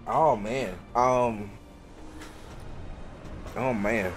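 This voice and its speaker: A man's voice: lowish voice, a little slow, long pauses, faint music behind. Rambling, emotional man reacting to a game. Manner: emotional, rambling thinking aloud. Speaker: gaming host. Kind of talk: casual let's play reactions.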